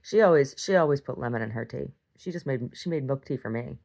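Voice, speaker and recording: A woman's voice: extremely low pitch, animated, a little fast, gravelly, a little mellow. A woman talking casually in a video diary, chatty and self-interrupting, laughing often. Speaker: video diarist.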